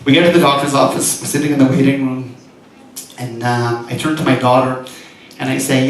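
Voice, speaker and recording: A man's voice: mid-range voice, steady tone, a little fast. A man giving a lecture as a rabbi, telling a personal story with animation and frequent laughs. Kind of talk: storytelling talk to an audience. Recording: echoey hall, mic far off, faint noise.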